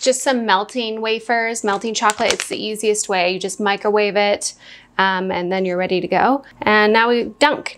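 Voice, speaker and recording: A young woman hosting her own home cooking video, talking casually through each step and chatting while she eats. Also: medium pitch. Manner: chatty, talks while eating.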